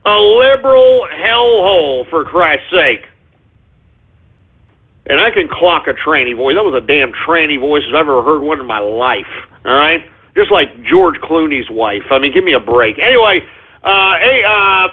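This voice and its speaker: A man hosting a call-in radio show, ranting angrily and shouting. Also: fairly high pitch, animated, moderate pace, husky. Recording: tinny phone-like audio.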